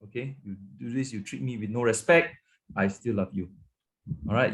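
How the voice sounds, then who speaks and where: Malaysian English pastor teaching casually. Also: male voice, on the low side, normal speed. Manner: conversational, repeats words, checks in with "okay" and "right". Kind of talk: church teaching on marriage. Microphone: webinar microphone.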